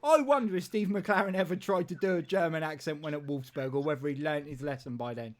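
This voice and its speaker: Rambling jokey host. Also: male voice, a little high, fast talker. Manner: rambling, jokey, restarts a lot. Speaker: football show host. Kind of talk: casual live-stream chat.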